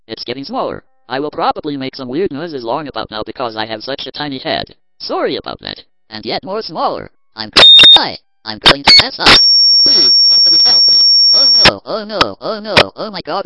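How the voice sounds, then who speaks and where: A man's voice: a little high, huge pitch swings, normal speed, highs cut off, very noisy. A speech synthesizer voicing a panicking synthetic man whose head is shrinking, with wildly swooping, distorted wails. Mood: panicked. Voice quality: robotic synthetic voice.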